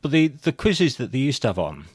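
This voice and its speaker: A man's voice: medium pitch, very animated, fairly quick, slightly rough, no echo. A man co-hosting a podcast, chatting casually in a dry, rambling way and laughing at his own jokes. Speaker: podcast co-host. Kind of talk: casual chat.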